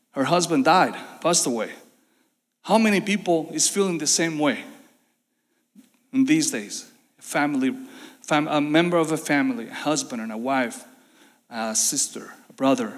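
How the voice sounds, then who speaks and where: A male pastor with a fairly high voice delivers a live-streamed sermon, earnest and repetitive. He stacks phrases to build emphasis. The sound carries a long reverb, like a large hall. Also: a bit bright.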